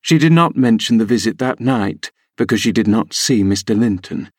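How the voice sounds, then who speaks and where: A man reading a classic novel aloud in measured, even scripted narration. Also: lowish voice, breathy edge, dry recording, clean studio sound. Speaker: audiobook reader.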